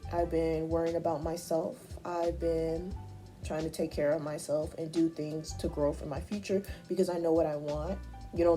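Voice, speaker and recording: Young woman vlogger, low mellow voice, chatty, high squeaky voices for quoted lines. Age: young adult. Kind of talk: casual life-update vlog.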